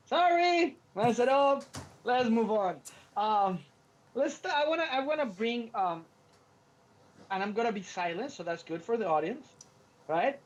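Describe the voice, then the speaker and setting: A man co-hosting a podcast, telling stories in an animated way and acting out the quotes, with frequent restarts. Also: very high-pitched, measured pace, pauses often. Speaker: podcast co-host. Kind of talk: casual podcast chat. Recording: lo-fi podcast audio.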